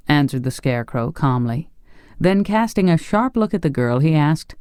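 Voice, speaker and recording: A man narrating a fairy tale audiobook in a steady storytelling voice. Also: medium pitch, normal speed, clear, resonant tone, no echo, clean studio sound. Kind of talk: scripted narration.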